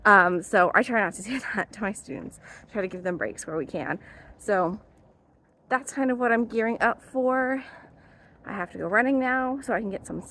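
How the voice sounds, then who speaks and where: A woman's voice: mid-range voice, moderate pace, bright, forceful tone. A young adult woman, a drama teacher, chatting casually in her vlog, rambling with lots of fillers and little laughs.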